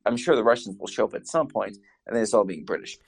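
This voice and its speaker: A man chatting casually, telling animated stories with quoted asides. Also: lowish voice, fast talker, gravelly, breathy edge. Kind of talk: casual chat.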